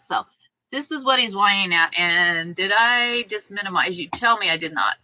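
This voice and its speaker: A woman's voice: mid-range voice, lively intonation, moderate pace, pushed and bright, no room sound, low-quality recording. A woman hosting a casual sewing livestream, chatting with viewers by name and talking to her dog between steps.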